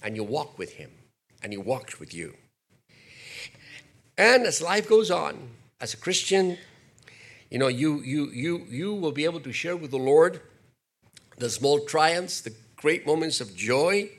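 An older man preaching a sermon, animated, slipping into acted quotes and jokey asides. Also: a little high, unhurried, long pauses. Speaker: pastor.

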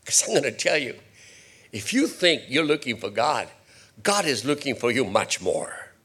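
A man preaching a sermon, moving between quiet, low asides and loud, high-pitched rhetorical questions. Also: sing-song, normal speed, breathy edge. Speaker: pastor.

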